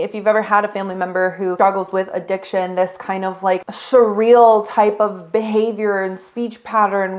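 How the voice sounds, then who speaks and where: Woman, chatty movie reviewer, casual unstructured talk, enthusiastic, addresses viewers, medium pitch. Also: dull audio. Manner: rambling, restarts, occasional laughs; enthusiastic, talks to viewers directly.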